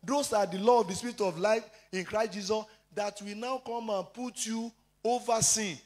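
A man preaches a sermon in a high-pitched voice. He moves through scripture references and personal testimony, with the occasional filler. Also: steady tone, normal speed, a little mellow. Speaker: pastor.

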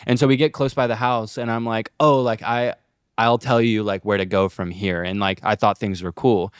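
A man's voice: on the low side, fairly even intonation, normal speed, clean tone, dry recording, clean studio sound. A young man co-hosting a podcast, telling a rambling, profane story in casual chat, heavy on fillers. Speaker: podcast co-host.

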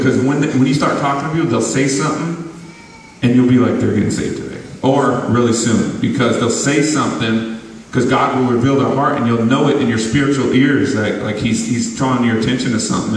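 A man's voice: mid-range voice, steady tone, fairly quick, recorded from a distance, slight background noise. A man giving a loose, rambling testimony in an interview, laughing often, recorded from afar in a large hall. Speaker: guest musician.

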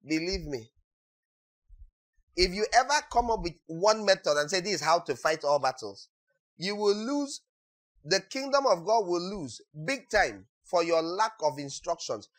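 A man preaching a sermon as pastor, acting out quotes and breaking into sudden shouts. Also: high voice.

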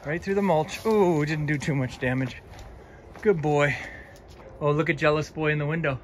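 A man runs a casual home vlog about his dogs, speaking with a slightly raised pitch and an affectionate, chatty manner. He moves between the house and the yard, giving patient, repeated commands. A faint background noise stays under his voice throughout. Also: moderate pace. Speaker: dog channel host.

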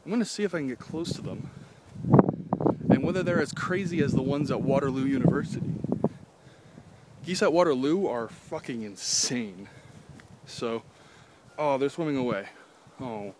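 A young man from Canada rambles and cracks jokes while walking outdoors near a golf course pond, swearing casually as he films on his phone. His mid-range voice is animated and moderately paced, broken by long pauses. Heavy background noise surrounds him.

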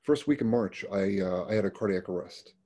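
A middle-aged man speaking as a paramedic guest. His voice sits a bit low and sounds husky, with a dark, mellow tone. He tells his stories plainly and often restarts or repeats words as he goes. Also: a little fast. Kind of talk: conversational storytelling.

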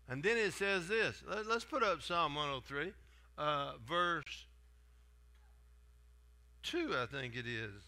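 A man's voice: sits high, lively intonation, slow pace, pushed and bright. A man, preaching a sermon in a folksy, conversational way. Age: 70s. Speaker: guest preacher.

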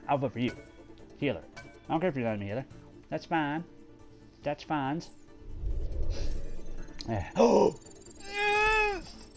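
A man giving excitable, swearing let's play commentary while gaming and talking to his teammates. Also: mid-range voice. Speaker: gamer. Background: game music and sound effects.

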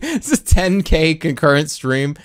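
A man's voice: a little high, big pitch swings, slow pace. A man streaming a game live, talking casually with frantic, laughing outbursts. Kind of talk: live-streaming gameplay chat.

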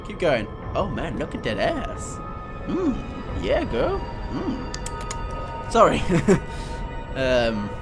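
A man commentating on a video game as he plays, reacting with excitable, loud outbursts and swearing. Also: fairly high pitch, extremely slow, pauses often, over music. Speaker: let's play gamer. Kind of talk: live gameplay commentary.

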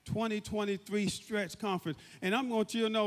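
Speaking a little fast with hardly any pauses, a man in a high, steady voice hosts a church service, pumping up the congregation through call-and-response and repeated prompts. Faint music plays in the reverberant hall of a large sanctuary.

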